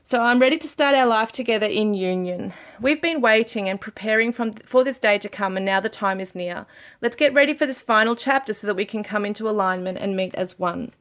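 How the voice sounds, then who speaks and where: A woman's voice: medium pitch, a little fast, a bit bright. A woman giving a channelled tarot reading, overcome with emotion, close to tears and full of sighs and exclamations. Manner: emotional, breaking up and near tears; gushing, many sighs and exclamations. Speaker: tarot reader.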